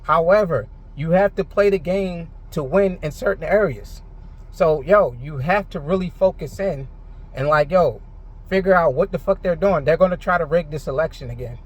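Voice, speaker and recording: A man's voice: on the high side, moderate pace, breathy edge. A frustrated man ranting in a rambling, heated monologue, full of filler words and swearing. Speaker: vlogger. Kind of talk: unscripted monologue to camera.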